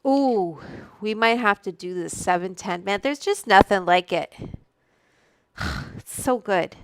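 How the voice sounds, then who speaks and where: A woman hosts a casual livestream from her room at home, rambling from one thought to the next, greeting viewers by name and cursing freely. She talks at an unhurried, drawn-out pace into a studio microphone, and her voice comes through smooth and clean with a dry, close sound. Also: mid-range voice, animated, dry recording. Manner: rambling, chatty, reads out viewer names and swears freely. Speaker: livestream host.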